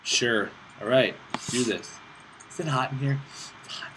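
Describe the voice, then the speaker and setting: A man chatting through a video game match as he plays, egging on teammates and grumbling at his own mistakes. His voice sits in a middle range and keeps flaring into loud, frustrated bursts. The home recording carries clear background noise and clicking. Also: medium pitch, a little slow. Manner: excitable, talks to himself and teammates, bursts of frustration. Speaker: gaming channel host. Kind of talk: casual gameplay commentary.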